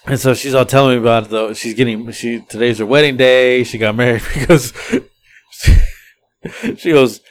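A man, hosting a podcast and telling rambling, animated stories about his rides as an Uber driver, laughing often as he goes. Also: medium pitch, moderate pace. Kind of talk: casual podcast storytelling.

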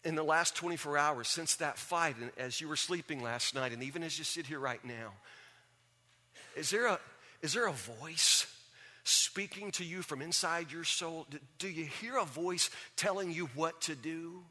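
A man's voice: a little high, moderate pace, pushed and bright, big-room sound. A man voicing a patient, earnest father counseling his son and repeating words for emphasis.

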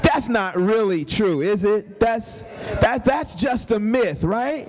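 A man preaching a sermon as pastor, telling a story animatedly, with rising shouts and repeated words. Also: high-pitched, lively intonation, slow, in a large hall, crowd noise.

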